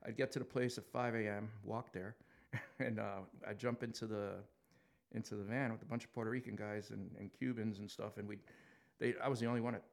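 A man in his fifties from Queens with a New York accent, the guest in a casual conversation, telling relaxed stories with frequent chuckles. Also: on the low side, a little fast, creaky.

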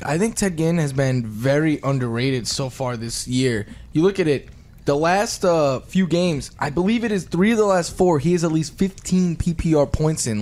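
Slightly high-voiced man analysing football. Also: darkish tone. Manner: thinks aloud in long, reasoned runs. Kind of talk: casual sports chat.

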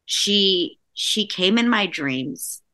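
A woman's voice: medium pitch, extremely slow. A woman actress, a guest in an interview, telling emotional stories and voicing the people in them. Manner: animated, voices other people in her stories.

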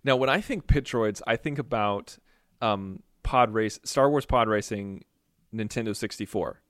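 A man with a lowish voice chats casually on a podcast, rambling from one thought to the next. He teases his partner and mocks himself, peppering his talk with "like". The recording is dry and close-miked. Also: unhurried, fairly bright tone, dry recording. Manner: rambling, teasing, self-mocking, lots of fillers like "like". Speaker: podcast co-host.

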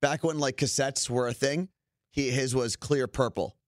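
A man from New Jersey co-hosts a relaxed chat, talking things through at length with plenty of fillers. His voice sits at a middle pitch and is recorded close and dry, with no room sound. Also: moderate pace, no room sound. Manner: easygoing, explains at length with many fillers. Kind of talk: casual chat.

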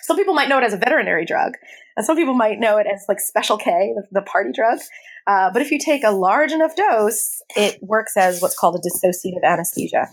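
A woman guest telling a personal story in an interview, candid and animated, laughing often. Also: medium pitch, quick pace.

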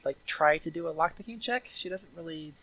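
A man's voice: on the high side, fairly quick, fairly bright tone. A man playing a tabletop game, tentative, thinking aloud with fillers. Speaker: player. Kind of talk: casual tabletop play.

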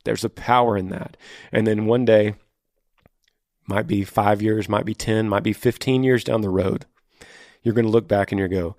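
A man's voice: lowish voice, fairly even intonation, normal speed, long pauses, darkish tone, no room sound, studio quality. A man hosting a podcast, giving earnest, encouraging faith-based advice to a listener and repeating phrases for emphasis. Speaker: podcast host answering listener questions.

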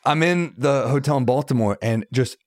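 A man's voice: mid-range voice, moderate pace, no echo, studio quality. A man, a comedian guest, telling stories in casual podcast talk and acting out the people he quotes. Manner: animated storyteller acting out quotes.

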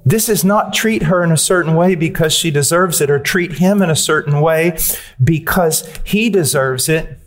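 A man with a somewhat high-set voice delivers a sermon. He is earnest and direct and keeps pressing his listeners with pointed questions. Now and then he slips in a blunt, dry joke. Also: normal speed. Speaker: preacher.

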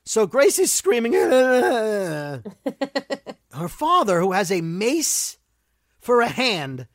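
A man hosting a casual chat that recaps a TV episode, talking fast and ranting about plot holes. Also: high voice, huge pitch swings, no echo, studio quality. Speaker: podcast host recapping a TV episode.

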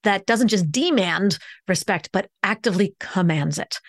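A woman, a communication coach and podcast guest, explaining her method in an instructive way. She slows down and speeds up to stress her points. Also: mid-range voice, expressive, no room sound, clean studio sound.

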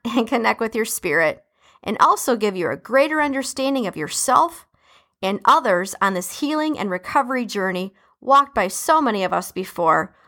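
Her voice sits on the high side and sounds pushed and bright as this Midwestern woman hosts her podcast. She runs through the intro and the sponsor message cheerfully and chattily, with playful side comments.

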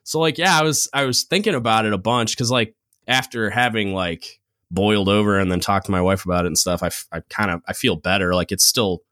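Guy on a podcast, bright crisp voice, dry close sound, rambly and open. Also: on the low side, fairly quick, dry recording. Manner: rambling, candid storytelling. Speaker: podcast co-host. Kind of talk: casual chat.

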